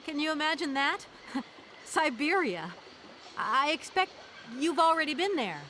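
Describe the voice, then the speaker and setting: An actress voicing an ambitious young lawyer woman in a video game, poised, brisk and sharp-tongued. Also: high voice, big pitch swings, a little hiss or hum, exaggerated voice. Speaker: game protagonist.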